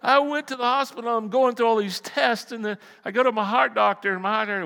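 Animated high-voiced preacher in a reverberant hall. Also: male voice, fast talker, vocal fry, few pauses. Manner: animated storytelling, swings from loud outbursts to quiet asides. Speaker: pastor. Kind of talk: sermon.

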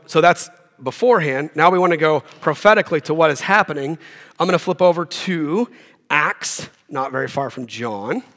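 A man's voice: fairly high pitch, fairly bright tone. A man preaching as a guest pastor, reading scripture with casual, joking asides. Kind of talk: sermon. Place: church hall. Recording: long reverb of a church hall.

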